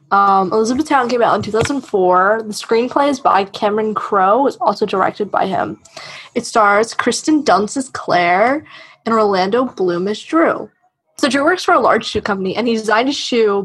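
A woman with a husky, slightly breathy voice chats on a podcast, recapping a movie in loose, conversational talk. She swears casually and slips quickly into the voices of the people she quotes. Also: mid-range voice, poor audio. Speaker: podcast co-host. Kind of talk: casual chat, retelling a film plot.

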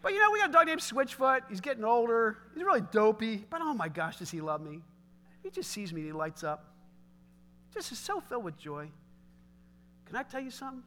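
Man preaching, animated, talks to the congregation, high voice. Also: a little fast. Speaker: pastor. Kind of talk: sermon.

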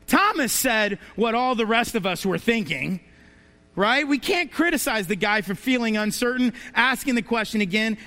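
A man's voice: very high voice, pushed and bright. A man preaching a sermon as a pastor, telling stories and asking the congregation rhetorical questions. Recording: reverberant hall.

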